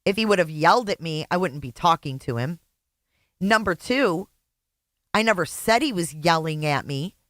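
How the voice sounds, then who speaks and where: A woman's voice: lowish voice, expressive, normal speed, fairly bright tone, no echo. A woman hosting a reaction stream, angrily talking back at a clip and swearing. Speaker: channel host reacting to a clip. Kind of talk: angry reaction commentary.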